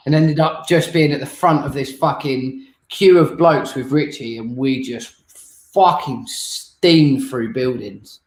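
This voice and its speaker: A man co-hosting a casual chat, talking bluntly and swearing freely, in quick bursts. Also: medium pitch, roomy sound, rough recording. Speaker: co-host.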